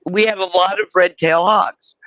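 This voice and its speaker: High bright chatty Californian man. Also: fairly even intonation, moderate pace, no echo, highs cut off. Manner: chatty storyteller, swears freely. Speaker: live stream host. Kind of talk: casual banter.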